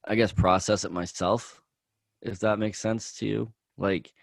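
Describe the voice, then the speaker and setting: A man co-hosting a casual podcast, speaking hesitantly and softly, with many fillers. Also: lowish voice, steady tone, measured pace, vocal fry, no echo. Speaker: podcast co-host.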